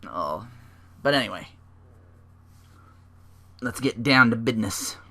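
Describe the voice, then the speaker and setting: A young man talks on his own podcast in a loose, rambling way, with plenty of "like" and casual swearing. His voice is bright and of middling pitch. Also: animated, takes it slowly. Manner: rambling, filler-heavy, swears freely. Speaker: podcast host. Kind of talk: casual solo podcast talk.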